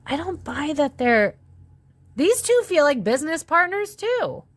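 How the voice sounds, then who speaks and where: A woman's voice: high voice, sing-song, unhurried, dry recording. Blunt, chatty psychic tarot woman. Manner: chatty, exclaiming, blunt, swears. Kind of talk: casual tarot reading to camera.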